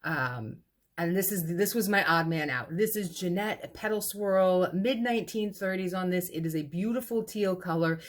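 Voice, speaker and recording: A woman who owns a vintage shop, presenting items in a casual live clearance sale, fondly calling pieces cute little babies and closing each pitch with a price and lot number. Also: moderate pace.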